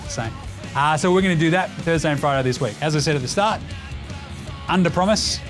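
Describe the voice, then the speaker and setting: A man's voice: fairly high pitch, over music. A man in his thirties with an Australian accent, hosting a casual, profane, joking basketball chat. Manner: profane, joking, rapid-fire lists. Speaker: podcast host.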